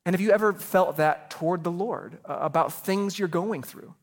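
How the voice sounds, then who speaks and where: A pastor in his thirties delivers a sermon with earnest, personal warmth in his words. His voice sits slightly high for a man. He often repeats a word two or three times before a phrase gets going. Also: normal speed. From Chicago area.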